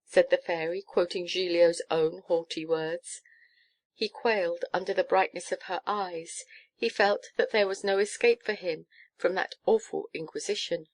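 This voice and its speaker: A woman's voice: fairly low pitch, fairly even intonation, measured pace. Woman narrating a children's storybook. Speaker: audiobook narrator.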